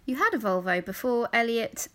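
A woman co-hosting a podcast, teasing her co-host in a deadpan way. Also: fairly high pitch, moderate pace. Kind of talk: casual banter.

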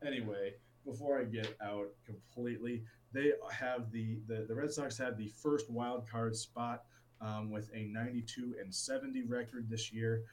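A man's voice: mid-range voice, fairly even intonation, normal speed, slight background noise, poor audio. A man co-hosting a casual sports talk show, enthusiastic and rambling, with plenty of restarts. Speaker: sports podcast co-host.

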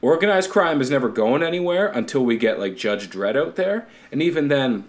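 A man's voice: medium pitch, expressive, brisk. A Canadian man co-hosting a casual chat, rambling, swearing and laughing as he recommends a show. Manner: rambling, swearing, laughs often, tries silly accents. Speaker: podcast co-host.

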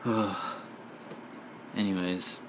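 A man who runs a tabletop game, talking in a relaxed, rambling way with lots of fillers. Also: low-pitched, extremely slow, noisy background. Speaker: dungeon master. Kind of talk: casual podcast chat.

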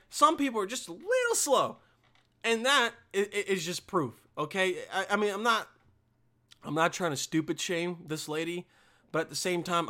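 Brief: young male comic from Bosnia, bright tense voice, lively swooping pitch, crude exasperated rant. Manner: crude, exasperated ranting with sudden high-pitched outbursts. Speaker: comedian. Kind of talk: stand-up style ranting monologue.

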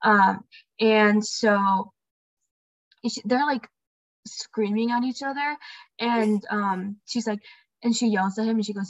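Speaking slowly with long pauses, a young woman at medium pitch reads book passages aloud during a casual chat as a discussion co-host. She says "um" and "like" often, and her dry, dull lo-fi mic adds no echo.

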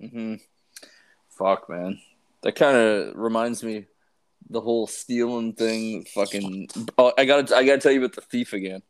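A young man chatting casually with a friend, reacting in a relaxed, profane way. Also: lowish voice, normal speed, clean tone. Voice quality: laid-back, profane reactions. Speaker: friend in chat. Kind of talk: casual chat.

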